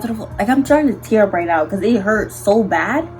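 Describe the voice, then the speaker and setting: Young woman vlogger, slangy and animated, storytime delivery, mid pitch, faint music underneath. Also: fairly quick, few pauses, poor audio. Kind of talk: storytime vlog.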